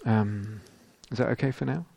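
Low gravelly-voiced male meditation teacher. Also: moderate pace, dark tone, muffled recording. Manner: thoughtful, searching for words, many restarts. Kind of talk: answering questions at a retreat. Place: meditation hall.

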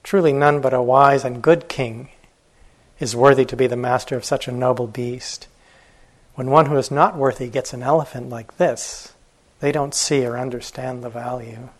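A man voicing a gentle, devoted elephant keeper. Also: medium pitch, fairly even intonation, normal speed, lightly acted. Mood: defiant. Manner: soft, tender and earnest.

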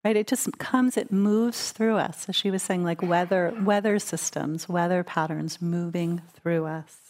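Woman, meditation teacher, dharma talk, conversational, playful, low-ish voice. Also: unhurried. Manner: conversational, warm, playful storytelling.

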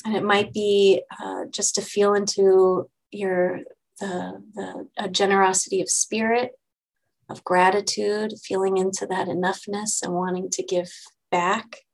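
A woman meditation teacher giving a dharma talk to her group, gentle and unhurried, pausing and restarting often. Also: medium pitch, level tone, gravelly, low-quality recording.

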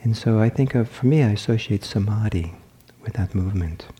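A man giving a dharma talk as a meditation teacher at a retreat, speaking gently and reflectively, often halting and restarting his sentences. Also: fairly low pitch.

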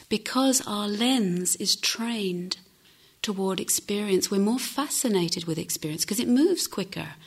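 A middle-aged woman meditation teacher giving a gentle, reflective dharma talk with unhurried pauses. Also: mid-range voice, husky.

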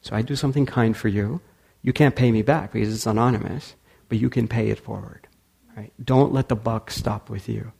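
A man giving a storytelling talk to a meditation community, lively and quick to act out the people in his stories. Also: on the low side, vocal fry, breathy edge. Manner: animated storyteller who acts out dialogue and laughs often.

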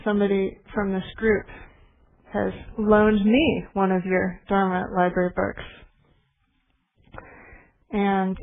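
A woman meditation teacher giving a dharma talk, telling stories in a gentle, reflective way. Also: medium pitch, flat delivery, slow, pauses often. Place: meditation hall. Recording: tinny phone-like recording with faint hiss.

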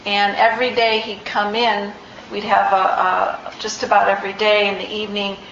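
A woman meditation teacher giving an unhurried, reflective dharma talk, gently searching for her words. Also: medium pitch, little pitch movement, echoey room, dull audio, a little hiss or hum. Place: meditation hall.

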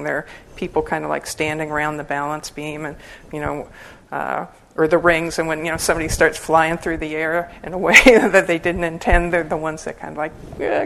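A woman's voice: sits low, gravelly, fairly bright tone, rough recording. A woman giving an informal dharma talk as a Buddhist meditation teacher, conversational and humorous, often breaking into laughter.

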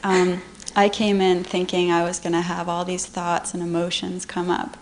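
A woman's voice: on the low side, monotone, normal speed, slight background noise. A woman at a meditation retreat, sharing a personal experience earnestly and emotionally. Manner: earnest, emotional, laughing often. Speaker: retreat participant.

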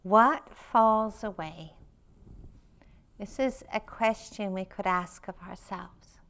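A woman meditation teacher giving a dharma talk, slow and reflective, often softening to near a whisper. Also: mid-range voice, smooth.

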